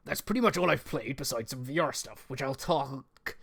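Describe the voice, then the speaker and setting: A man puts on a hammy West Country accent to read out a friend's comic games review. His voice sits at an ordinary middle pitch. The delivery is mock-grand, tripping over silly fake swear words. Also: normal speed, creaky, fairly bright tone, breathy edge. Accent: put-on West Country. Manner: amused, stumbling over mild fake swears. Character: absent male co-host read aloud, mock American-turned-West Country.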